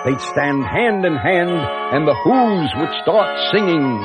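A man's voice: mid-range voice, very animated, a little slow, few pauses. An older man narrating a rhyming storybook in a rhythmic, playful way, building up on repeated words. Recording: dull lo-fi cassette with music.

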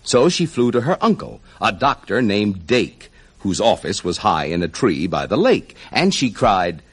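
A man narrating a rhyming children's story in an expressive, sing-song way. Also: on the low side, unhurried, breathy edge.

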